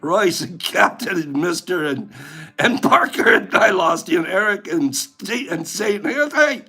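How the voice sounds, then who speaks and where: A man hosting a livestream, reading out viewer names in casual chat and laughing through his words with a husky voice. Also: high-pitched, animated, unhurried, bright, forceful tone, faint music behind. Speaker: livestream host.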